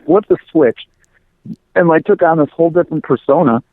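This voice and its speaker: A man's voice: on the high side, a little fast, no room sound. Brash man on a tinny line. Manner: animated storyteller, mimics voices in quotes. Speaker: co-host. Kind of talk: casual podcast chat. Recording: dry, phone-like audio.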